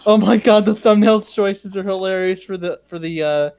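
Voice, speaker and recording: A man's voice: high voice, moderate pace, a little mellow, clean tone, soft background music. A man in a casual group voice chat, mocking and laughing, swearing heavily.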